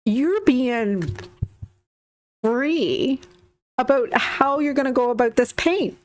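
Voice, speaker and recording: A woman's voice: on the high side, animated, slow pace, a little mellow, dry recording. A woman giving a casual tarot reading, chatty and repetitive, acting out little quotes as she talks. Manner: chatty, repeats herself, acts out quotes. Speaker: tarot reader.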